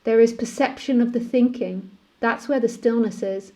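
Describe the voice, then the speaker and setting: A woman, a spiritual teacher, speaking calmly and repetitively in a live-streamed session and laughing easily. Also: on the high side, moderate pace.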